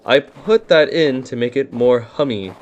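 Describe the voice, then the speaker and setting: A man voicing a gentle, simple-minded bear cub who talks cheerfully and gets a bit muddled, humming his songs. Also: medium pitch, unhurried, lo-fi sound, close to an everyday voice.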